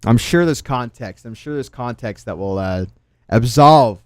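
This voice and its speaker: A man's voice: medium pitch, moderate pace, smooth, dry recording, studio quality. A man streaming, commenting on drama and reading chat with sarcastic asides and swearing. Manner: sarcastic, swears freely, trails off into mutters.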